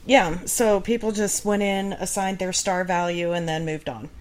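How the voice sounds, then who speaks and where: A woman in her thirties co-hosting a podcast, reading out reviews and chatting in an even, measured way. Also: on the low side. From United States. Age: 30s. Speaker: podcast co-host. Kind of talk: casual chat, reading reviews aloud.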